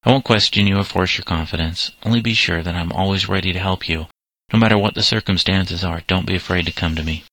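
A man reading a gentle, modest young farmer. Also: low voice, quick pace, no echo. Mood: earnest. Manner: gentle, earnest.

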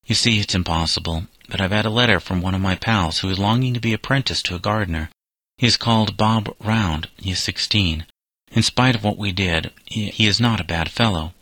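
A man's voice: low-pitched, moderate pace, sharp tone, no echo. Man reading as a timid, earnest teenage boy.

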